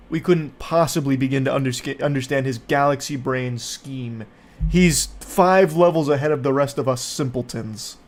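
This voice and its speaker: A man reads and mocks messages in a comedic reaction style. His delivery is dry and deadpan, dripping with sarcasm. His voice sits a little higher than most men's. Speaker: online commentator.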